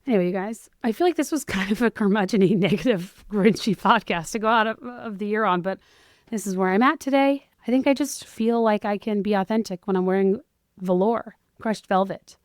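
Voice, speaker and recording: Hoarse chatty woman podcast host. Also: mid-range voice, brisk, no echo, clean studio sound. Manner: chatty, self-deprecating, rambling asides. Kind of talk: casual solo podcast chat.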